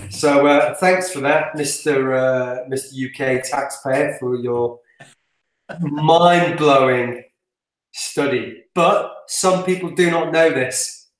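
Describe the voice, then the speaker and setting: A man's voice: medium pitch, takes it slowly. A man with a British accent co-hosting a casual podcast, wry and sarcastic. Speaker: podcast co-host. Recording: very roomy echo.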